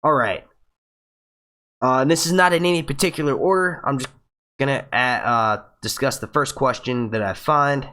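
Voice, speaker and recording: A hyped, profane young man chats casually on a livestream, urging viewers to like. His mid-range voice sounds pushed and bright, and his speech is halting, full of stutters and restarts.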